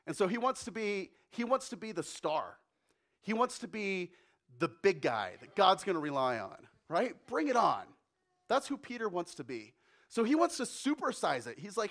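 A man preaching a sermon as pastor, conversational and animated, acting out quotes. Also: high voice, normal speed.

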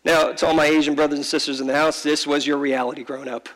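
A man preaching a sermon to a congregation, animated and acting out little scenes in different voices. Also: on the high side, quick pace, in a large hall, poor audio. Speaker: pastor. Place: large room with a congregation.

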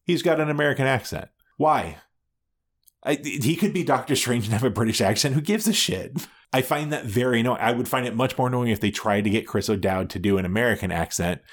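A man co-hosting a podcast, chatting casually, swearing often and restarting his sentences. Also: on the low side. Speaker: podcast co-host. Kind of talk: casual chat.

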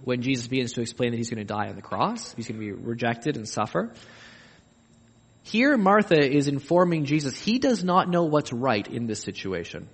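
A man preaching a sermon, animated and humorous, acting out the voices he quotes. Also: a little high, brisk, breathy edge, in a large hall. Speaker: pastor.

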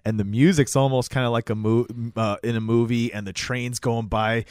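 A man's voice: medium pitch, steady tone, moderate pace, a little mellow, clear, resonant tone, dry recording, studio quality. A man co-hosting a casual TV recap, laid-back and often chiming in with short agreements. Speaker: podcast co-host.

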